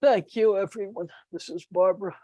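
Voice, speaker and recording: A woman channeling a spirit, offering a gentle, solemn and affectionate blessing before closing in her own voice. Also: mid-range voice, moderate pace, dry recording, poor audio. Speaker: channeler and meditation teacher.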